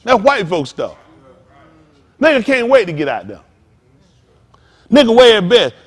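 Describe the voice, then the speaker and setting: A man's voice: high-pitched, big pitch swings, unhurried. A man preaching a sermon as pastor, with call-outs to listeners and acted-out asides.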